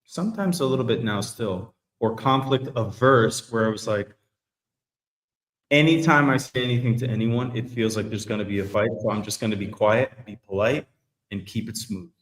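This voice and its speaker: A man's voice: on the low side, normal speed. A man talking candidly in a podcast conversation, blunt and reflective, swearing freely. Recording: roomy echo.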